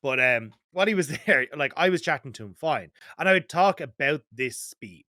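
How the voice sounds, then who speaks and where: A man's voice: a little high, expressive, normal speed, pushed and bright, no echo, studio quality. An Irish man co-hosting an esports panel, chatting casually with lots of "like" fillers and easy laughs. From Ireland. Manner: rambling, filler-heavy, laughs often. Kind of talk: casual analytic chat.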